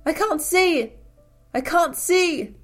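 A woman reading a story and voicing a desperate man who shouts in panic. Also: a little high, a little slow, soft background music. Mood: terrified. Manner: shouted, frantic.

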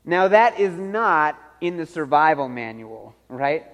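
Animated preaching man in a reverberant hall. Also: fairly high pitch, takes it slowly. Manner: animated storytelling, acts out voices, laughs often. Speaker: pastor. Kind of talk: sermon.

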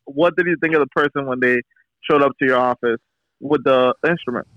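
A man's voice: mid-range voice, fairly quick, dry recording, dull audio. A man hosting a casual chat, mostly answering in short agreements. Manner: brief agreeing interjections. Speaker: podcast host.

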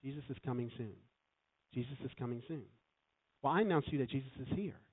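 A man's voice: medium pitch, fast talker, breathy edge. A man preaching as a guest in a church, calling for responses from the congregation. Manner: lively, calls for congregation responses. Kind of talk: sermon. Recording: tinny phone-like sound.

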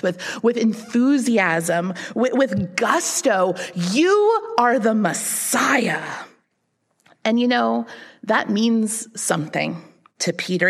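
A woman pastor preaching a sermon, telling a scripture story in an earnest way and often repeating words as she restarts. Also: medium pitch.

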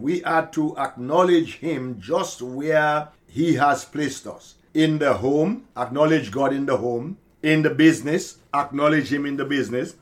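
Male podcast preacher, slow deliberate delivery, slightly higher voice. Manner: slow, emphatic preaching with repetition. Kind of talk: podcast sermon.

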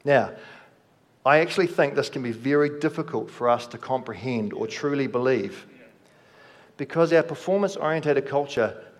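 A man preaching a sermon, slow and measured, letting his voice drop softly at the ends of phrases. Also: medium pitch, expressive. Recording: long hall reverb.

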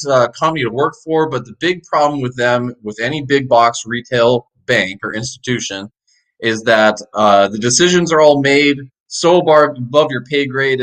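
A man's voice: medium pitch, fairly bright tone, poor audio. A middle-aged man speaking as a podcast guest about his mortgage work, earnest and conversational. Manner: earnest, conversational, frequent "uh" fillers. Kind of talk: casual interview chat.

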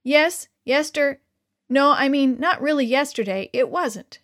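A woman's voice: high voice, a little slow, pitched above the performer's own voice. A woman voicing a flustered sixth-grade boy who stutters with nerves. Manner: stammering, nervous.

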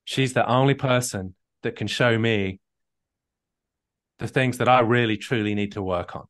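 A man's voice: medium pitch, moderate pace, fairly bright tone. A man coaching on a live call, earnest and storytelling, with frequent restarts. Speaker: marriage coach.

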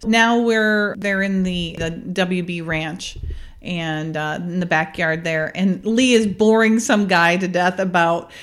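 A woman's voice: fairly low pitch, steady tone, takes it slowly, hardly any pauses. A woman hosting a podcast, casually recapping a TV episode, chatty with frequent fillers and laughter. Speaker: podcast host.

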